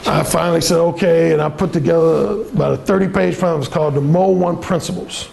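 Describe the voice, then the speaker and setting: A man's voice: fairly high pitch, fairly even intonation, fast talker, creaky, a little mellow, a little hiss or hum, poor audio. A middle-aged man, a dating coach, telling a crude story to a seminar audience in a brash, profane way.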